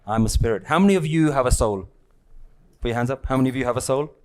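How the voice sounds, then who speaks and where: A man leads a spiritual lesson for a live audience in a relaxed, conversational way. His voice sits at an ordinary middle pitch. He teases his listeners and keeps checking in with short questions. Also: quick pace, smooth. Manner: conversational, teasing, keeps checking in with "yeah?" and "right?". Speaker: spiritual teacher.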